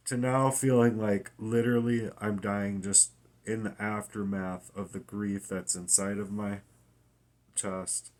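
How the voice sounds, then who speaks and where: A weary, distressed man talking through his troubles in a raw, halting personal monologue, often restarting and swearing. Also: on the low side, level tone, a little mellow. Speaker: vlogger.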